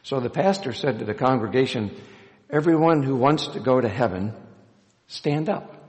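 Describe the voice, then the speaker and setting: Male pastor, sermon, storytelling, middle pitch, long church reverb. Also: lively intonation, fairly quick, a little mellow. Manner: storytelling, acts out quoted lines with a raised voice; hesitant restarts with uh. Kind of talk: scripture reading and sermon. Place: church sanctuary.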